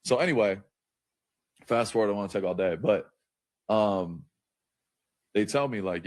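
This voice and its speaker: A low-voiced man recounts events as an interview guest, rambling with constant fillers and casual swearing. His voice is very deep and sounds dry and close to the mic. He speaks in a loose, conversational way. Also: normal speed, pauses often, no echo. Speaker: interview guest, pro football player.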